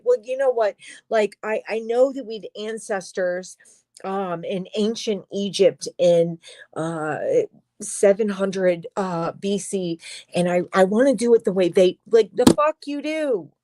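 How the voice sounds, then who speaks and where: A woman's voice: medium pitch, a little slow, warm tone, dry recording. Tarot reader, young adult woman, emphatic and profane, dry deadened room. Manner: emphatic, swears freely, talks straight to viewers. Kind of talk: livestream tarot reading.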